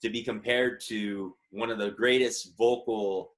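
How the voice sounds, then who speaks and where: A man's voice: lowish voice, steady tone, unhurried. A man in his thirties, a musician guest telling a story in a casual interview, chatty and earnest. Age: 30s.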